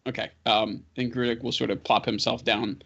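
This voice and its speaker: A man's voice: medium pitch, little pitch movement, normal speed, vocal fry, fairly bright tone, slightly rough. A man playing a tabletop game, describing his character's actions hesitantly with lots of filler. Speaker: player. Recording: slightly dull lo-fi audio.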